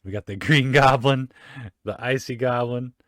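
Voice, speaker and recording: A man's voice: mid-range voice, fairly even intonation, moderate pace, a bit bright, no room sound, clean studio sound. A young man casually recapping a comic book for a friend, laughing often and loosely acting out the characters' lines. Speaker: comic reader and podcast host. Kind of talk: casual chat, reading comics aloud.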